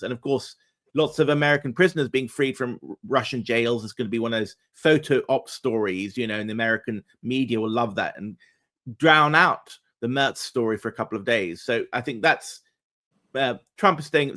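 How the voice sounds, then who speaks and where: A man giving casual political commentary, animated and sarcastic, his voice jumping up when indignant. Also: medium pitch.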